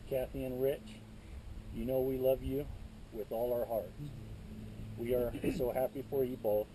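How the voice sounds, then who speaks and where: A man's voice: medium pitch, steady tone, unhurried, background noise. A man reading a father's letter aloud at a wedding, earnest and moved.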